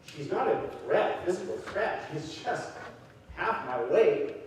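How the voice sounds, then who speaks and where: A man voicing the slow inner thoughts of a grown husband calming himself, recorded from a distance in an echoey hall. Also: high-pitched, a little hiss or hum. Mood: reasoning. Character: grown man reasoning with himself after snapping.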